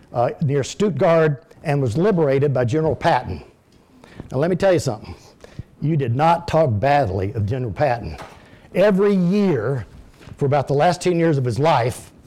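A man's voice: fairly high pitch, darkish tone. Folksy older man preaching. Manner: folksy storytelling, addresses the audience directly. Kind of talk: sermon with personal stories.

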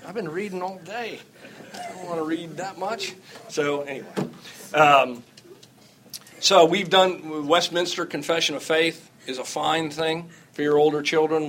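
A man's voice: on the high side, a bit bright, a little hiss or hum, poor audio. A middle-aged man teaching a church class in an informal, rambling way, with many fillers and restarts, often chuckling and turning wry and emphatic.

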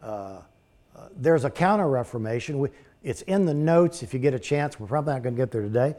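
A man teaching a class, reading from his notes and then breaking into relaxed, folksy asides. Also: mid-range voice, fairly quick. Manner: reads text aloud, then breaks into folksy conversational asides.

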